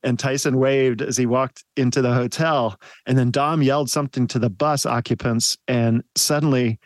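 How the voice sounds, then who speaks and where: A man's voice: medium pitch, fairly even intonation, moderate pace, no room sound. Chuckling man telling a tour story. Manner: laughs often while telling stories. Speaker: podcast host. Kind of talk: casual storytelling.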